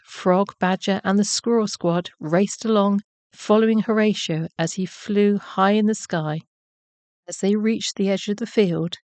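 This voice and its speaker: A woman narrating a children's bedtime story in a gentle, measured way. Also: medium pitch, no echo.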